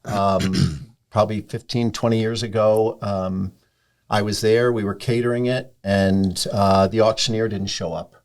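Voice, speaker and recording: A middle-aged man from Sarasota, a restaurant owner and podcast guest, telling stories in a relaxed, casual way with frequent ums. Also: on the low side, unhurried. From Sarasota, Florida. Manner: relaxed storyteller, many ums. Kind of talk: casual interview chat.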